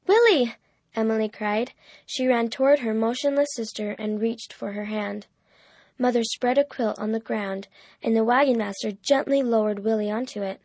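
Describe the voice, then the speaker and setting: A woman narrating a storybook in a clear, measured reading voice. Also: fairly high pitch, fairly even intonation, darkish tone, no room sound, studio quality.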